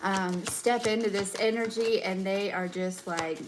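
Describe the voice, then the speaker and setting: A young woman giving a spiritual reading in a loose, chatty way, trailing off with fillers and breaking into giggles. Her pitch sits in an ordinary middle range, and she drops in the odd curse word without slowing down. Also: steady tone, noisy background. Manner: chatty, giggly, swears casually, many fillers. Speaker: tarot reader. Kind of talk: casual spiritual live chat.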